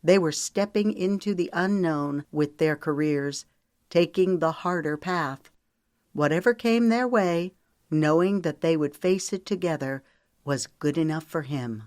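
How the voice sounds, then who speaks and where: Low-voiced woman narrating an audiobook. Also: a little mellow, no room sound, clean studio sound. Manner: smooth, measured storytelling. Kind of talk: scripted narration.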